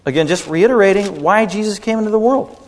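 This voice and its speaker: A man preaching a sermon with a fairly high voice that climbs on the words he stresses. His delivery is emphatic, and a long reverb trails behind him as if in a big hall. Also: expressive, quick pace. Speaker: pastor.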